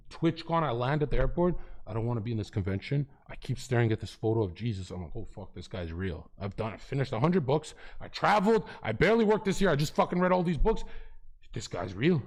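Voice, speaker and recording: Male streamer, mid pitch, lively melodic swings, profane storyteller who drops to a mutter and then shouts. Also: a little fast. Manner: animated, profanity-heavy storytelling that swings between hushed and loud. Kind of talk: casual heated debate chat.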